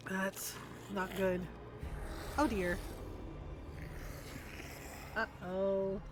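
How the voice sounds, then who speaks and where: A woman streaming a video game, commenting casually and thinking aloud in an unhurried way while she yawns. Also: medium pitch, flat delivery, background noise. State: sleepy, yawning.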